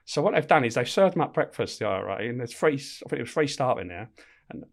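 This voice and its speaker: A man's voice: medium pitch, big pitch swings, fast, vocal fry. A middle-aged man, a former prison officer, telling stories in casual chat, swearing and laughing often. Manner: swearing, laughing, acts out voices. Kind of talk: casual anecdotal storytelling.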